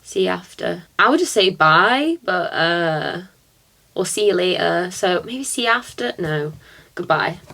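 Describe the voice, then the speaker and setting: A woman's voice: lowish voice, lively intonation, creaky, bright, forceful tone. A young woman from near Liverpool, reading quiz questions aloud and chatting about her answers. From northwest England, near Liverpool. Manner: chatty, thinking aloud, quick laughs. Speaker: vlogger.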